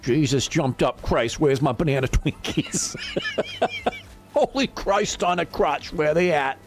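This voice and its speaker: A man's voice: a little high, animated, measured pace, soft background music, voice pushed up. A man putting on the voice of a grumpy old man who hoards snack cakes, drawling and cursing as he grumbles. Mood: grumbling.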